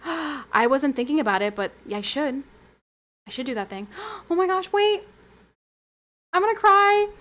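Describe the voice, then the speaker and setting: A woman streamer in a loose, chatty flow, laughing often and now and then breaking into excited high squeals. Her voice sits a little on the high side. She reads her viewers' messages aloud and talks straight back to them. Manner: animated and giggly, with sudden high squeals. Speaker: livestreamer. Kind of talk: casual livestream chat, reading chat aloud.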